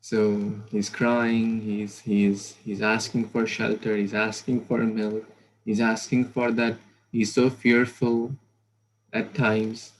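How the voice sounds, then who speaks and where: A man's voice: lowish voice, level tone, slow, poor audio. A man giving a conversational scripture class, asking listeners rhetorical questions and murmuring "hmm".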